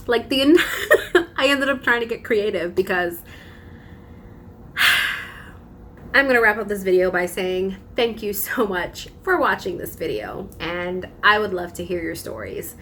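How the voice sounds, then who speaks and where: A woman's voice: medium pitch, lively intonation, slow, long pauses, a bit bright, slight background noise. A young woman vlogging casually, telling a story with dramatic emphasis and frequent laughs.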